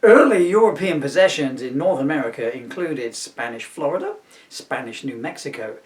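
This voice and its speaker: A man's voice: mid-range voice, animated, moderate pace, recorded from a distance. A man reading his own comic book aloud, often laughing at his jokes and breaking off for asides.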